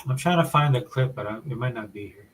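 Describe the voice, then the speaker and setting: Easygoing hawaiian guy chatting on a podcast, middle pitched voice, bit of noise in the back. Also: fast, low-quality recording. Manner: laid-back, rambling explanations. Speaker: podcast co-host. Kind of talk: casual chat.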